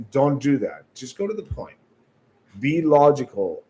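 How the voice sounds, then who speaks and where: A man's voice: medium pitch, very animated, a little slow, warm tone, poor audio. A man teaching sales callers in a coaching tone, often stumbling over repeated words and checking in with "right?". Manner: coaching, direct advice. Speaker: sales trainer. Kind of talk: instructional talk on sales calls.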